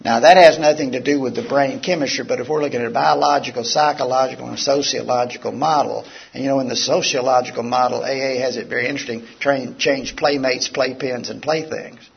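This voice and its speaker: A man giving a casual, animated talk on recovery to a live audience, telling stories as he explains. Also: medium pitch, fairly quick, hardly any pauses. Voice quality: gravelly, raspy. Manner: conversational, animated storytelling. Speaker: lecturer on addiction recovery. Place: meeting hall with audience. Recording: dull lo-fi live recording.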